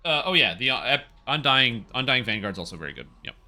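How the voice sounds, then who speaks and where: A man streaming a game, rambling through casual commentary, getting excitable and swearing casually. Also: medium pitch, fast talker.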